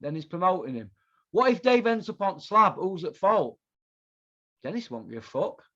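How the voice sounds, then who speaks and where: Male host, high voice, foul-mouthed heated rant, dull lo-fi recording. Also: very animated, moderate pace, sharp tone. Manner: profane, heated, repetitive ranting. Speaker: podcast host. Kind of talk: angry ranting commentary. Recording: dull lo-fi sound.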